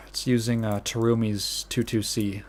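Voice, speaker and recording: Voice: mid-range voice, flat delivery, takes it slowly. A podcast host ranting casually, outraged and incredulous, swearing and repeating phrases with bursts of laughter.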